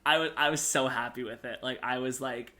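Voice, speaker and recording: A young man co-hosts a casual gaming podcast at an ordinary, middle pitch. He retells scenes eagerly and rambles, piling up fillers and restarts as he talks. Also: steady tone, a little fast, sharp tone. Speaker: podcast co-host.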